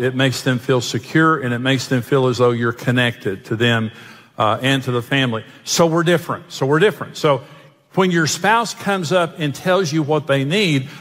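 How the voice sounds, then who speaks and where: A man's voice: medium pitch, fairly bright tone. A male pastor preaching a sermon, telling jokes and self-mocking stories. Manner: joking, self-mocking storyteller. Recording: long hall reverb.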